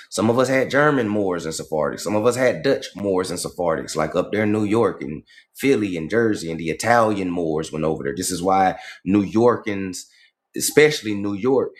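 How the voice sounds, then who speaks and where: A man with a lowish voice talks on a livestream. He lectures in an animated, slangy way, with plenty of cursing. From Georgia, US. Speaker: livestream host. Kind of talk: casual livestream monologue.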